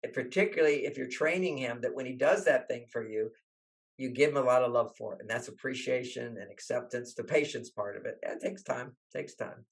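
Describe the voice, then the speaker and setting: An older man with a brisk, gravelly, mid-range voice, a relationship author, tells stories in an interview. He is animated and acts out the voices of the people he quotes.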